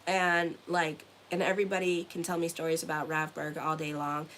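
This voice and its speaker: A woman's voice: low voice, level tone, moderate pace, fairly bright tone, slight background noise, poor audio. A woman giving a casual tarot reading to her viewers, rambling and chatty, often ending lines with "okay?". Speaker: tarot reader and astrologer.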